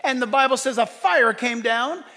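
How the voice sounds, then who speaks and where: A man's voice: very high-pitched, moderate pace, pushed and bright. A male pastor preaching a sermon with humor, joking with the congregation, in a hall with long reverb. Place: church hall with live congregation.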